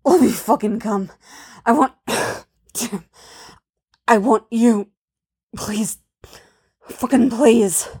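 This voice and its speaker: A woman voicing a hardened male bounty hunter who talks in a rough, halting way, pleading through curses. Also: medium pitch, steady tone. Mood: desperate.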